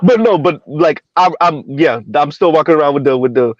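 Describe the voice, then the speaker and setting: A man hosting a live stream in casual chat, rambling and repeating himself with quick asides. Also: a little high, no room sound. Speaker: streamer host. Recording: dull lo-fi stream audio.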